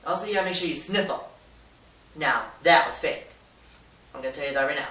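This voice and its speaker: A man hosting a casual how-to vlog, talking in a goofy, rambling way with loud demonstrations. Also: a little high, brisk. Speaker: YouTuber. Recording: echoey room, distant mic, hiss.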